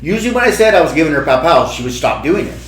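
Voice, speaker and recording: A middle-aged man, a podcast host, telling a family story casually and acting out the voices he quotes. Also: rapid-fire. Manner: animated, acts out quotes in a high child voice. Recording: echoey room with faint music.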